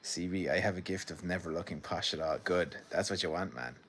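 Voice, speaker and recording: A man's voice: low-pitched, a little fast, a bit bright, a little hiss or hum. An Irish man hosting a livestream, chatting casually with viewers, rambling, swearing and laughing as he reads their comments. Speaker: livestream host.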